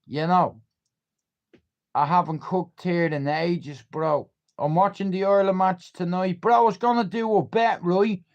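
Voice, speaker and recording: Streamer in his fifties, slow-talking and profane, fairly high voice, keeps checking the viewer follows. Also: steady tone, dull audio. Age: 50s. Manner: swears freely, keeps asking if you understand. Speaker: livestreamer. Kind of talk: casual rambling chat to viewers.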